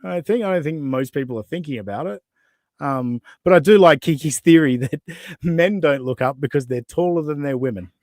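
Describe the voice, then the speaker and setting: A man's voice: a little high, brisk, a little mellow, dry recording, studio quality. A man with an Australian accent hosting a podcast, chatting casually, mocking and laughing often as he reacts to clips. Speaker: podcast host.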